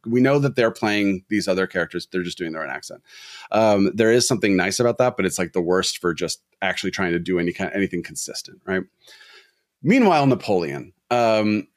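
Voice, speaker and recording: Low-voiced wry man, dry sound. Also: no echo. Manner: wry, analytical, rambling. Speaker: film podcast co-host. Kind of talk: casual discussion.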